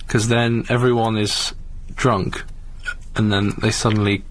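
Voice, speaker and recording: A man's voice: on the low side, flat delivery, unhurried. A man chatting casually in a radio studio, telling a laughing anecdote to the host. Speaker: radio show sidekick.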